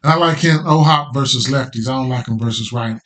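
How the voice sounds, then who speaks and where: A man's voice: mid-range voice, fast, a bit bright. A man hosting a sports betting podcast, talking through his picks in a loose, slangy way, often repeating himself and checking in with "right?". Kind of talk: casual betting picks talk.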